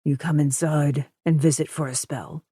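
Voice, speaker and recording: A woman narrator voicing a male kidnapper with a deep, smooth voice, cold, controlling and quietly amused. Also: steady tone, moderate pace, no echo, studio quality. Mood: cold commanding.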